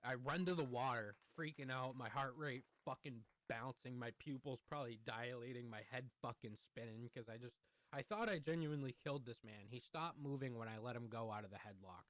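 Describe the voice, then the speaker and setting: A man's voice: medium pitch, brisk, fairly bright tone, dry recording. A young man telling a heated, profanity-heavy story in a storytime vlog. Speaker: vlogger.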